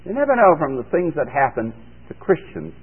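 In a fairly high, breathy voice, a Bible teacher preaches on the radio at a brisk, very animated clip. He reads scripture aloud before explaining it simply with rising emphasis, and the old broadcast sounds phone-like with long reverb.

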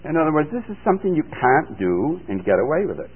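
A man's voice: fairly high pitch, sing-song, quick pace, husky. A man giving a radio sermon as a Bible teacher, reading scripture aloud and then explaining it plainly with rising emphasis. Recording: phone-like old radio broadcast with long reverb.

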